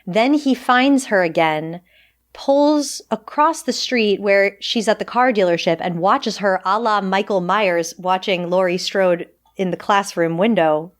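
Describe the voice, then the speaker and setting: Woman podcast cohost, chatty and lively, lots of laughs and restarts, middle pitch. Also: unhurried. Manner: animated, laughing, many restarts. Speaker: podcast co-host. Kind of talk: casual chat.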